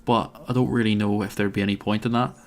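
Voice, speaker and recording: A man's voice: fairly low pitch, steady tone, fast. A man commentating his own strategy game, thinking aloud with plenty of hesitations and wry asides. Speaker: let's play host.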